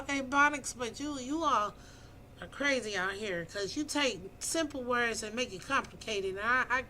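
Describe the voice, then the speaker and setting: Blunt high-voiced woman in her fifties. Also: pushed and bright, slight background noise, low-quality recording. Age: 50s. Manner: blunt, preachy, emphatic. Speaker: vlogger giving dating advice. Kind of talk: casual opinionated monologue.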